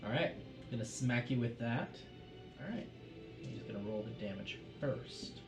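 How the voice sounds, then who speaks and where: A man's voice: medium pitch, normal speed. Man running a tabletop game in a roomy space. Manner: methodical, calls out dice rolls and damage numbers. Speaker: game master. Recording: roomy, distant mic with music behind. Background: music.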